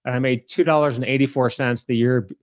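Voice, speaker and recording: Animated man telling a story, dry. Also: mid-range voice, fast talker, no echo. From Detroit area. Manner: animated, acts out the people in his story. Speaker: podcast host telling a story. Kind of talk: casual storytelling.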